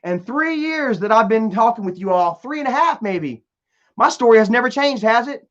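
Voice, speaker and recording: On a casual live stream, a young man with a fairly high, fairly bright voice rambles and reads out viewer comments, stumbling, repeating himself and restarting sentences. He's expressive and talks at normal speed, though the audio is dull and lo-fi.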